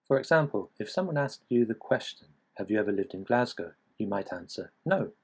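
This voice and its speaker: A man narrating a scripted English grammar lesson in a measured, explanatory way. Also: on the low side, expressive, a little mellow, husky, low-quality recording. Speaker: English teacher.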